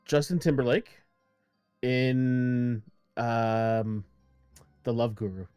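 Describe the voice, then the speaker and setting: A man in a tabletop group chatting on a voice call from home, rambling and restarting his sentences as he goes. His mid-pitched voice is picked up very dry and close on the mic. Faint music plays behind him. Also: drawn-out words, a little mellow, clear, resonant tone, no room sound. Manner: rambling, self-interrupting, laughs at own jokes. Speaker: tabletop game player. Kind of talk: casual chat on a voice call.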